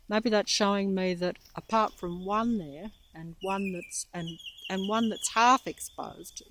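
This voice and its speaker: A woman's voice: medium pitch, a little hiss or hum, rough recording. A woman filming herself on a walk in a park, out of breath, rambling and trailing off as she talks into a handheld phone. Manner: trailing off, halting and restarting. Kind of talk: rambling walking commentary. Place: outdoor park.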